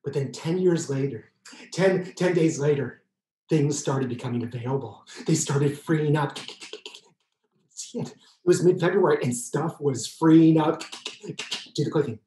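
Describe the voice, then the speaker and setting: Guy doing a comic solo show, big excited storytelling, bit of room echo. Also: a little slow, pauses often, a little hiss or hum. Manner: exuberant, audience participation, sudden high yelps. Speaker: solo performer.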